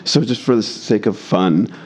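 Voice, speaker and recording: Male host, low voice slightly worn, rambling hesitant questions. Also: normal speed, darkish tone, husky. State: slightly losing his voice. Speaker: podcast host. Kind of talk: casual interview questions.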